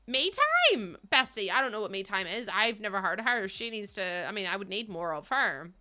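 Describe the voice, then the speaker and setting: A woman's voice: mid-range voice, fast talker, bright, forceful tone. A young woman with a Northern Irish accent, chatting casually and telling funny stories while streaming a building game, swearing and laughing often. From Northern Ireland.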